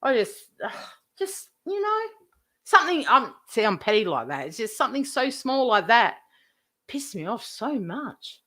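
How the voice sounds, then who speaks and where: A woman's voice: on the high side, very animated, normal speed, pushed and bright. A woman live streamer ranting to her chat, indignant, swearing heavily and repeating herself.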